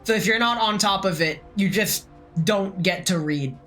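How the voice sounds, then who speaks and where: A woman's voice: medium pitch, moderate pace, fairly bright tone, soft background music, rough recording. A woman live-streaming a game, chatting in a joking, profane, rambling way. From United States. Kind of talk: casual live-stream chat while playing a game.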